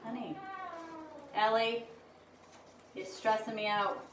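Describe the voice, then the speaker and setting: At home by a window, a woman vlogs casually, talking to herself and coaxing an insect while she frets, jittery and swearing. Her voice is a little high, with a steady tone and a slow pace. The room is echoey, the mic is distant, and there's background noise.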